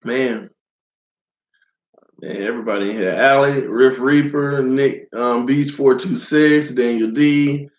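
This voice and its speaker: Slightly hoarse male stream host. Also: mid-range voice, steady tone, slow, echoey room, dull audio. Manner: greets viewers by name, slangy and loose; gets loud and heated when arguing a point. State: slightly hoarse, losing his voice. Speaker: host of a live fan stream. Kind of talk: casual live-stream chat.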